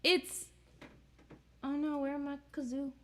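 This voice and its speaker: A woman's voice: high voice, level tone, a little slow, fairly bright tone. A woman hosting a casual music livestream, chatting in a playful, scatterbrained way. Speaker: streaming musician host.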